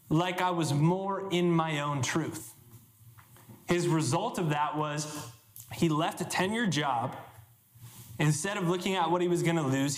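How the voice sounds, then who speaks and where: A man speaking at a live seminar, telling a story animatedly with many filler words and acted-out quotes. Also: on the high side. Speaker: motivational speaker. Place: event hall with an audience. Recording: echoey hall recording.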